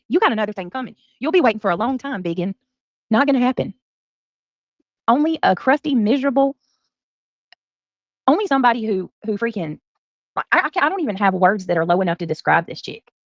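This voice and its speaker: A woman's voice: a little high, dry recording. A woman streamer ranting angrily at a rival, confrontational, sarcastic and profane. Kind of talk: angry livestream rant. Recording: dull lo-fi stream audio.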